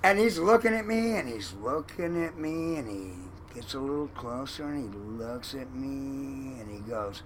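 A man telling a long story in an interview about his time as a fishing boat cook, animated and acting out the lines of others. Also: on the high side, normal speed, poor audio. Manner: animated, acts out quoted lines loudly.

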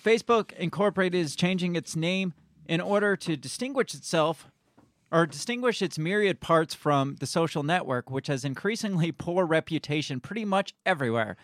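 Slightly high and lively in intonation, this male co-host speaks at a moderate pace in studio-quality audio with no echo. On a relaxed talk stream he reads news items and adds blunt remarks, frequently laughing and cursing.

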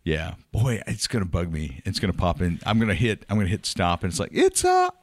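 A man's voice: deep voice, fast talker, dry recording. A man hosting a podcast, chatting casually and enthusiastically with co-hosts and teasing them. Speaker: podcast host. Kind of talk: casual chat.

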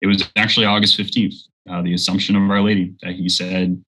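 A man's voice: deep voice, level tone, fast talker, bright, forceful tone, poor audio. A man in his thirties earnestly telling a personal faith story as an interview guest. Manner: earnest storytelling, acts out quoted voices. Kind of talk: personal testimony in conversation.

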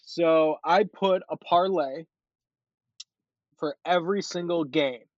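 A man hosting a casual sports podcast, animated and chatty with lots of fillers. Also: a little high, slow pace, no echo, dull audio.

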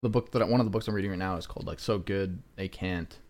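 A young man co-hosting a podcast, telling stories in an animated way and saying "like" often. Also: low voice, quick pace. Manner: animated storyteller, many fillers like "like". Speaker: podcast co-host. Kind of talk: casual chat.

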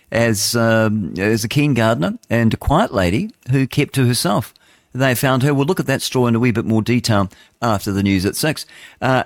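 An English man hosts a morning talk radio show from a radio studio, reading the news in a rambling, chatty, jokey and opinionated way while stumbling over words. His voice is fairly low, captured with studio quality and no room sound.

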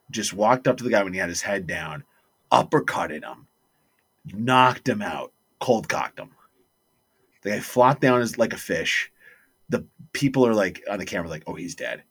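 Animated, bright-voiced man telling stories. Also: on the low side, moderate pace, slightly rough. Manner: animated, acts out quotes. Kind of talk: casual storytelling chat.

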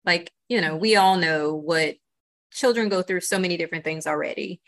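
Woman opening up on a podcast, earnest, lots of "you know", low-ish pitch, bright edge. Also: normal speed. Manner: earnest and reflective, many "you know" and "right?". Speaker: podcast guest. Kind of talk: candid interview conversation.

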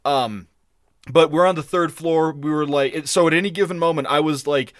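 A young man chatting loosely on a podcast, swearing freely and breaking into laughter often. His voice sits a little high and sounds dry and close to the mic, with no room around it. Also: a little fast, no echo. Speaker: podcast co-host. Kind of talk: casual podcast chat.

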